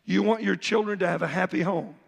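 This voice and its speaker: A man's voice: high voice, steady tone, a little fast, creaky, long reverb tail. A man, the pastor, preaching a sermon, reading Bible verses aloud and acting out a father's talk with his son. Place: church sanctuary.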